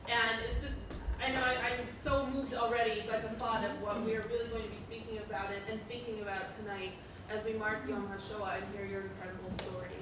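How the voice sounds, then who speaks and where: A woman's voice: mid-range voice, level tone, fast, hardly any pauses. A woman giving orderly announcements to an audience in a synagogue hall. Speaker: event organizer. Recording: distant, very echoey hall with noise.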